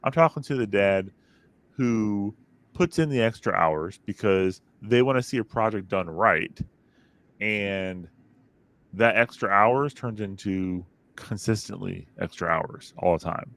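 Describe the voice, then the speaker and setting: A man's voice: lowish voice, unhurried, fairly bright tone. A man in his thirties co-hosting a podcast from his home office, chatting casually and rambling through stories with acted-out quotes. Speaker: podcast co-host. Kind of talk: casual chat. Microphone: studio microphone.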